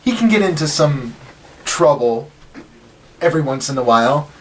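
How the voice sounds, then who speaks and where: A man's voice: fairly high pitch, very animated, normal speed. A man voicing a kindly, motherly halfling woman who runs an inn. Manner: kindly, welcoming, polite. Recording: distant mic with background hiss.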